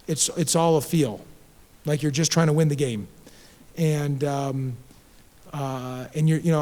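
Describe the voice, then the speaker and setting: A middle-aged man coaching basketball speaks at a post-game press conference with a somewhat high voice. He talks directly and with animation, often restarting and repeating words. The room around him rings with a long reverb. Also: darkish tone.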